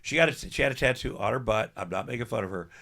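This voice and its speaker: A man's voice: mid-range voice, fast talker, gravelly, crowd noise. An older man, a podcast guest, telling rambling self-deprecating stories with salty language in casual comedic chat.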